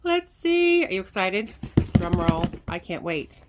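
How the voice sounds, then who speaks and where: A middle-aged woman chatting casually to viewers while unboxing craft supplies at home, gushing and excitable. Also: medium pitch, a little slow, background noise. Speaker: craft vlogger. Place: home room with recliner. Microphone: camera on a tripod.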